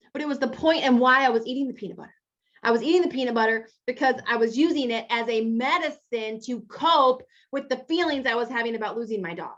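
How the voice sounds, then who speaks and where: A fairly high-voiced woman coaches a weight-loss group over a video call, chatty and encouraging as she talks straight to her members. The call audio is dull and lo-fi. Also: a bit bright.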